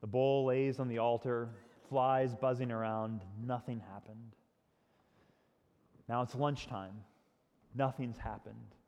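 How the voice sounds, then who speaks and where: A man preaching a sermon, retelling a story dramatically, swinging from loud to hushed. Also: medium pitch, fairly even intonation, slow, long pauses, highs cut off. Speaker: pastor. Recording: long hall reverb.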